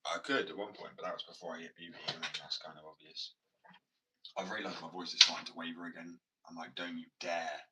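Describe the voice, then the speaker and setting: Recorded on a distant mic with faint background noise, a man who makes skateboards rambles casually in a vlog from his workshop. His deep voice stays steady as he talks fast, cursing frequently in a fidgety way.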